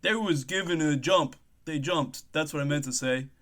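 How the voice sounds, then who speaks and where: A man's voice: fairly high pitch, moderate pace, a bit bright. A man co-hosting a comedy podcast, riffing in casual banter and laughing often. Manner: improvises silly characters, laughs often. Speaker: podcast co-host.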